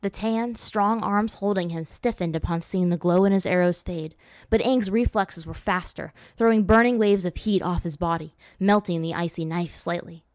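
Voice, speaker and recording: A woman's voice: lowish voice, moderate pace, a little mellow. A woman reads a story aloud with a dry, close sound. She raises her voice for the characters' quoted lines. The room adds almost no echo. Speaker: narrator. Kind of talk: reading fan fiction aloud.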